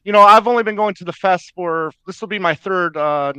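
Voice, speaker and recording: A male podcast host with a bright, smooth voice chats casually with his guest. He is friendly and keeps the talk moving with quick affirmations. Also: sits high, no echo, highs cut off. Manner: friendly with frequent short affirmations. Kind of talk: casual chat.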